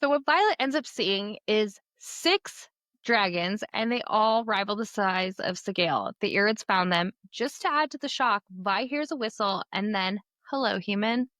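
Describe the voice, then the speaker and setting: A woman's voice: mid-range voice, lively intonation, measured pace, a bit bright, dry recording. Young woman, podcast co-host, opinionated casual chatter, very dry close sound. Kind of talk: casual book discussion.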